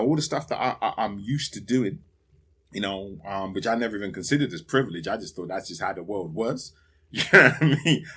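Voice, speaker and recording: A man's voice: on the low side, a bit bright, breathy edge. A man hosting a podcast, rambling and profane in a casual solo monologue, laughing often. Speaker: podcast host.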